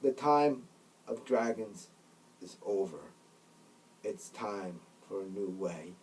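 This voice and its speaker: A man's voice: lowish voice, animated, takes it slowly, a little mellow, a little hiss or hum, voice pushed down. A man voicing a stern, commanding young warrior king, recorded on a distant mic. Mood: solemn.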